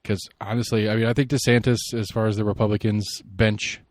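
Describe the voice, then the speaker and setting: A man hosting a solo podcast, giving rambling, opinionated political commentary and thinking out loud. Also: on the low side, flat delivery, a little fast, dry recording, studio quality. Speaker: podcast host.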